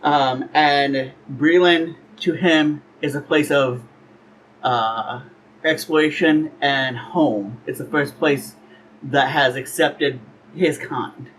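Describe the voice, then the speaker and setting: A man introducing his character in a tabletop game, hesitant and full of pauses and fillers. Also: fairly high pitch, fairly even intonation, a bit bright, a little hiss or hum, low-quality recording.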